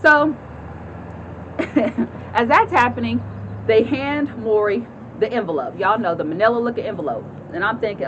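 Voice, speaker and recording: A woman in her thirties casually telling a story to her viewers, animated and chatty, acting out voices and often laughing. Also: a little high, moderate pace, long pauses, slight background noise. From California. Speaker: vlogger telling a personal story. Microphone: phone camera.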